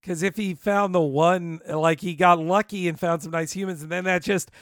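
A man's voice: high-pitched, fairly even intonation, moderate pace, no echo, clean studio sound. A man co-hosting a podcast, reacting to the story and joking in casual chat. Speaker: podcast co-host.

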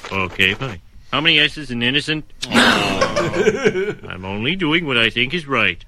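A man voicing a dim, greedy, excitable cartoon dad with a whiny, goofy delivery. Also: mid-range voice, unhurried, heavy background noise. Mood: sheepish. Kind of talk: cartoon voice acting.

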